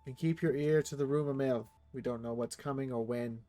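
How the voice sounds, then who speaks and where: A man at a middle pitch giving let's-play commentary, reading the game's text aloud between his own remarks. He drops into muttered asides, then erupts into loud, swearing outbursts. His voice sounds dry and close, with faint music underneath. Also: steady tone, a little fast, no room sound. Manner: swears freely. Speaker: streamer.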